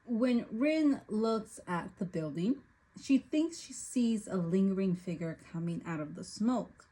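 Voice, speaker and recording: Woman, book review, exasperated ranting, slightly husky voice, unhurried delivery. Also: mid-range voice, expressive, mellow, poor audio. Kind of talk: spoken book review and recap.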